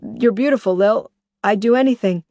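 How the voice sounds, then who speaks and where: A smooth-talking man pleads his case on the phone, as a woman reads him in an audiobook. His voice sits raised and earnest. The recording is dry and close. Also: mid-range voice, normal speed, mellow, dry recording, pitched above the performer's own voice, close to an everyday voice. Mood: pleading.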